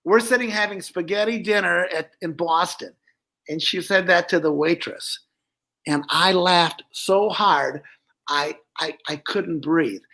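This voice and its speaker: A man, a ventriloquist guest, telling show-business stories in an animated, chatty way. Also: high-pitched, measured pace. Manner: animated storyteller, chuckling at old jokes. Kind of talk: casual interview chat.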